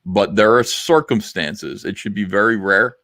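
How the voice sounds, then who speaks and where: A man's voice: fairly low pitch, moderate pace, bright, forceful tone, dry recording, studio quality. A middle-aged man hosting a casual livestream chat, rambling and blunt with lots of fillers. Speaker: livestream host.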